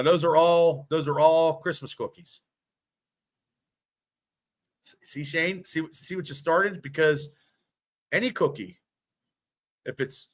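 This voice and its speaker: Profane fifty-something storyteller, high and bright. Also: male voice. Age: 50s. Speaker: podcast co-host. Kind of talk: casual sports podcast chat.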